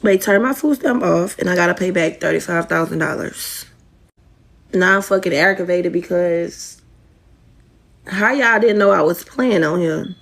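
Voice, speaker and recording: A woman's voice: fairly low pitch, unhurried, vocal fry, fairly bright tone. Profane, exasperated woman ranting to a phone. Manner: profane, exasperated, talking straight to viewers. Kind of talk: casual social media rant.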